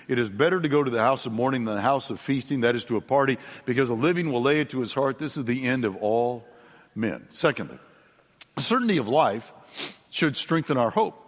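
A man preaching a sermon, repeating his main points and often clearing his throat. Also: medium pitch. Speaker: pastor. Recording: dull sound with long hall reverb.

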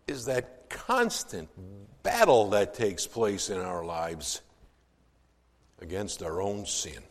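A male pastor delivers a sermon at a slow, deliberate pace. His pitch rises and falls widely as he drops to near-whispers and then climbs to loud, emphatic proclamations. The voice rings out with a long hall reverb. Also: expressive. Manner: dramatic swings from hushed to loud emphasis.

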